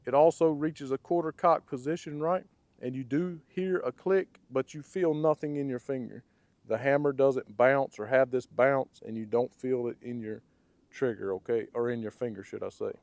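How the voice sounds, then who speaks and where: A man with a raspy, hoarse voice from blocked sinuses gives a casual hands-on product review. He talks conversationally and ends his points with "okay?" and "right?". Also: medium pitch, moderate pace, a little mellow, no echo. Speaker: firearms reviewer.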